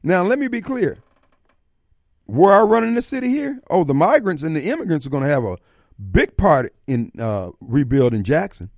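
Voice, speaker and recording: A man's voice: fairly high pitch, normal speed, no echo, clean studio sound. A man hosting a political talk radio show, delivering a fiery monologue and acting out imagined critics. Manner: animated, acts out imagined callers and critics.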